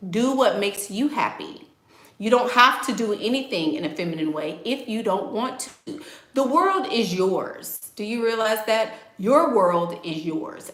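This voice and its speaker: A woman vlogger giving life advice in an emphatic, outspoken way, often repeating her key lines. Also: medium pitch. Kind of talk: casual advice monologue. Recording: roomy echo.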